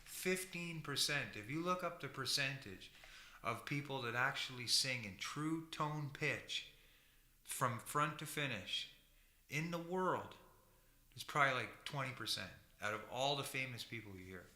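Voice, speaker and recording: A man's voice: mid-range voice, normal speed, pushed and bright, roomy sound. A man hosting a live music stream, chatting casually and reassuring his guest. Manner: reassuring and encouraging. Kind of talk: casual chat. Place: hot indoor room under lights.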